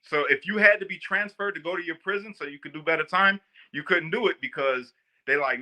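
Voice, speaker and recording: Bright-voiced man telling a jail story. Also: fairly high pitch, fairly quick. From Northwest Indiana, US. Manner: animated, slangy, laughs often. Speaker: guest storyteller. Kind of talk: casual storytelling.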